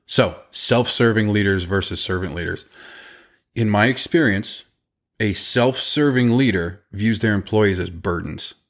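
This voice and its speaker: A man hosting a podcast and running a business, telling stories in a casual monologue with emphatic, animated delivery in quick bursts. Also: lowish voice. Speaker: podcast host and business owner.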